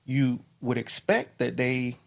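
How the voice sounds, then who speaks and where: Brief: podcast guest, 50s man, gravelly, reflective and hesitant. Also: medium pitch, flat delivery. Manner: measured, thoughtful, with frequent hesitations. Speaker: podcast guest, retired military leader. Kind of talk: reflective conversation.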